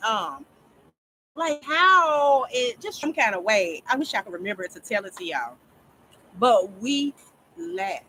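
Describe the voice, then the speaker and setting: A woman casually telling a long story to her viewers, rambling and animated, often laughing as she talks. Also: fairly high pitch, a little slow, a little hiss or hum, low-quality recording. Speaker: storyteller vlogger.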